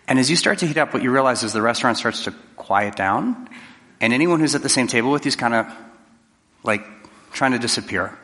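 A man's voice: medium pitch, expressive, quick pace, sharp tone, in a large hall. A man giving a conversational, jokey talk to a live audience, acting out quoted exchanges. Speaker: public speaker.

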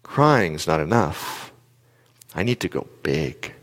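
A man giving a live talk to an audience, telling stories in an animated way and asking the crowd questions. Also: low voice, slow, in a large hall. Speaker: speaker addressing an audience.

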